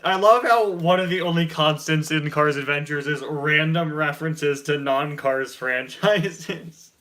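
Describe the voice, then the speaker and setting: A young man hosting a casual chat, enthusiastic and quick to laugh. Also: on the high side, sharp tone. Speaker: host.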